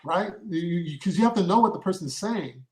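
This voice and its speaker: A man's voice: sits high, lively intonation, fairly quick, a little mellow, low-quality recording. A man, an actor and podcast co-host, explaining acting craft in casual chat, often restarting his sentences. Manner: explains at length with many restarts.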